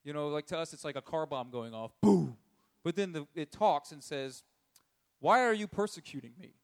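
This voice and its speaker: A man giving a conversational sermon, chuckling often and acting out characters' lines in quick voices. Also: a little high, lively intonation, gravelly, dark tone, clear, resonant tone. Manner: chuckles often while telling the story. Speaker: preacher.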